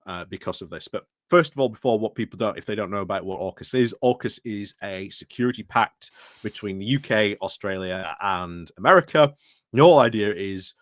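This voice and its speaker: Regular guest, man, fairly low voice, dry close sound, chatty explainer of news. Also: fairly quick, a bit bright, no room sound. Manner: explains at length, with fillers and restarts. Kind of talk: casual news chat.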